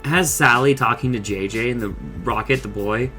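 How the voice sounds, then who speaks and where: A man's voice: medium pitch, bright, forceful tone, soft background music. A man casually recapping a cartoon episode, rambling and swearing as he tells it. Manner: rambling, profane, quick retelling with acted quotes. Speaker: show recap vlogger.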